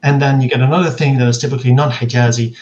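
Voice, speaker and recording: Man, mid-pitched voice, linguist guest, measured explanation, quotes examples aloud. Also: fairly even intonation, a little mellow, highs cut off. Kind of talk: explanatory interview talk.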